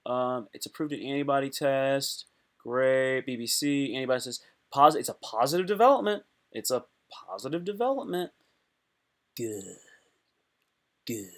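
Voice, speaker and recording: A man hosting a casual live stream, excitable and rambling, often breaking off mid-thought. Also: medium pitch, normal speed.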